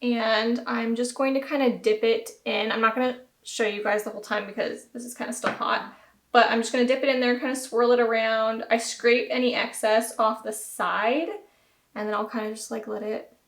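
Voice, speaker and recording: A woman's voice: fairly high pitch, steady tone, normal speed. A young woman with a light Southern accent, chatting casually and self-deprecatingly through a home beauty tutorial. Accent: American Southern. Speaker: beauty vlogger. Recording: roomy echo.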